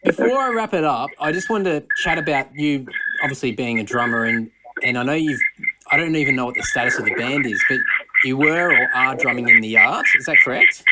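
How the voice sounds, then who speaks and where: A man's voice: mid-range voice, brisk. A man hosting a podcast, asking loose, friendly questions in a casual chat. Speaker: podcast host. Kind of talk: casual conversational interview. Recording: clear background noise.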